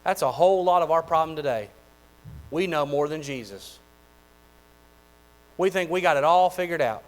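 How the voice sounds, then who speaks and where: A man, preaching a sermon in a folksy, animated way with lots of repeated phrases. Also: on the high side, normal speed, poor audio. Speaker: pastor.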